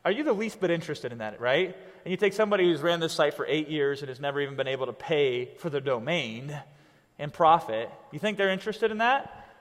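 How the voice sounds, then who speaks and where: A man teaching an online business lesson in a lively, conversational way, checking in with "right?" over and over. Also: on the high side, fairly quick, big-room sound. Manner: animated, conversational, keeps asking "right?". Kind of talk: coaching lesson.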